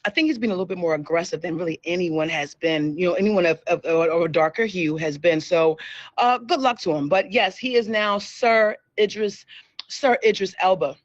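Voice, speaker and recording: A woman's voice: lowish voice, normal speed. A talkative woman hosts a casual entertainment news chat, often repeating words for emphasis. Her voice sounds slightly dull and muffled, with very little room echo. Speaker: show host.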